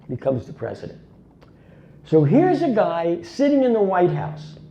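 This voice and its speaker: A man's voice: high voice, mellow. A man giving a dramatic storytelling talk as a conference speaker, emphatic and full of rhetorical asides. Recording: dull lo-fi recording.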